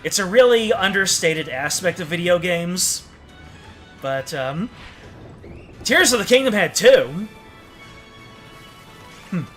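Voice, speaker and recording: A man's voice: high-pitched, animated, slow pace, long pauses, fairly bright tone, soft background music. A man streaming a game, chatting casually and joking while sometimes reading the game's text aloud in a put-on newscaster voice. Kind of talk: casual let's-play commentary.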